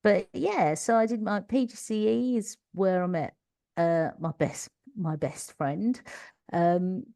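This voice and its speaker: A woman's voice: mid-range voice, takes it slowly, creaky, mellow, no room sound, clean studio sound. A middle-aged woman with a Cockney accent, a podcast guest telling stories from her working life with frequent laughter. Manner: chatty storytelling with frequent laughter. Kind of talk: conversational interview.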